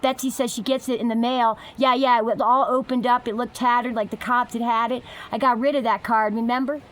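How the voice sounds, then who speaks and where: High-voiced woman in a furious, profane rant. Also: steady tone. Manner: agitated, heavily profane, fast tumbling sentences. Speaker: vlogger. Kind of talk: angry ranting monologue.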